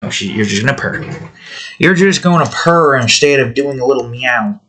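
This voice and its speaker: A man's voice: medium pitch, animated, normal speed, fairly bright tone. A man hosting his own art channel, chatting casually while he draws, rambling and trailing off. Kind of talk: casual talk while drawing.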